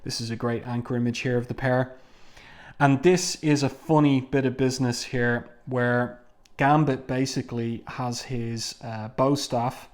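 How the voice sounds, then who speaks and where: Man, comic book reviewer, casual chat, mid pitch, reads panel dialogue aloud. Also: darkish tone. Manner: chatty, stops to read panel dialogue aloud.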